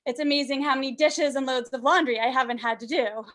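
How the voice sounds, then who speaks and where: A woman's voice: high-pitched, steady tone, fast talker, fairly bright tone. A young woman from Canada performing a self-deprecating stand-up set, with fillers and sing-song baby talk. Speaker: stand-up comedian.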